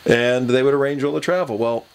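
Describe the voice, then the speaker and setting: A man's voice: medium pitch, a little fast, creaky, clean tone. A man hosting a political talk radio show, telling a long rambling story with many fillers and chuckles.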